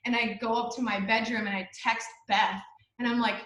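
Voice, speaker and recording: Young woman, higher voice, lively casual storytelling, plays out the voices, echoey room. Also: fairly quick. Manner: animated, acts out voices in her story, laughs often. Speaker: webinar co-host.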